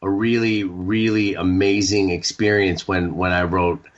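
A man in his forties from Maine, a radio show guest talking candidly, halting and repeating words with many fillers. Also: low-pitched, steady tone, dull audio. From Maine, United States. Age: 40s. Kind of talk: candid interview talk.

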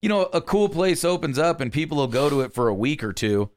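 A man's voice: on the high side, sing-song, fast talker. A man in casual podcast chat, asking questions and musing thoughtfully, with frequent "you know". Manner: reflective, asks questions, fills with "you know".

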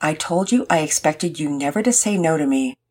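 Lady doing a patient mom who won't back down, husky low voice, storybook reading. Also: animated, a little fast, a little mellow. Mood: patient firm. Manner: patient, coaxing, firm. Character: patient but unbending mother.

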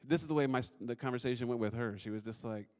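A man's voice: mid-range voice, rapid-fire, darkish tone. Self-deprecating male storyteller. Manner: conversational, self-deprecating, frequent fillers. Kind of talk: personal story told to an audience.

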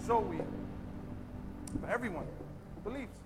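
A man with a very high voice delivers a sermon as a pastor in a big church. He drops to quick, low-key asides, then rises to loud, stretched-out shouts. Loud music plays under his voice the whole time. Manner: swings from quiet, fast asides to loud, drawn-out shouting. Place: large church hall with congregation.

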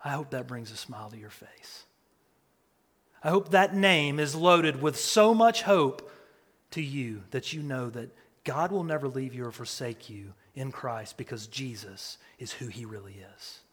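A male pastor preaching a sermon, swinging from hushed near-whispers to loud proclamation. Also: mid-range voice, animated, measured pace, slightly rough, in a large hall.

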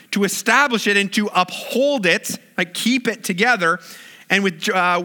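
An enthusiastic male preacher delivers a sermon in a high voice. He stumbles and repeats words as he goes, and he keeps checking in with his listeners by asking "right?" His tone is bright and ringing.

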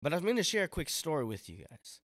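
A man preaching a sermon to young people in a relaxed, conversational way, with casual slang and acted-out quotes. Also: fairly high pitch, fast talker, no room sound, studio quality. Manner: acts out quoted friends in voices.

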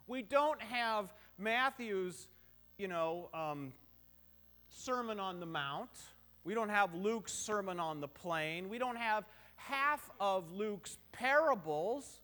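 A man's voice: sits high, expressive, slow pace, pushed and bright. A middle-aged man preaching a sermon in a conversational, joking way, full of rhetorical questions and short on sleep. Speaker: pastor.

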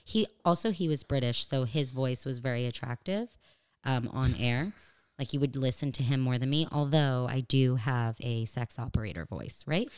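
A woman's voice: very deep voice, moderate pace, darkish tone, clean tone. A woman in her thirties chatting as an interview guest, joking with fillers and asides, her voice said to sound like a cartoon. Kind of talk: casual comedic interview chat.

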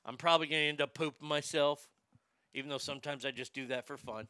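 A man's voice: on the high side, steady tone, fast talker, sharp tone, clean tone, dry recording. A man hosting a show, ranting comedically and sarcastically, often stammering and repeating words. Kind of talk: comedic rant.

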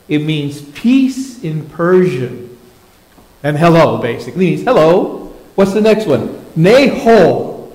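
Male pastor, fairly high voice, unhurried, playful, coaxing kids, echoey sanctuary. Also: a little mellow. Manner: playful, coaxing, talks to children. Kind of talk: children's moment in a church service. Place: church sanctuary.

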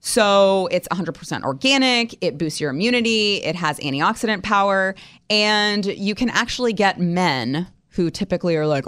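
A woman's voice: medium pitch, normal speed, clean tone. A woman co-hosting a talk radio show, chatting casually and teasing her co-host. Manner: lively, laughing, teasing.

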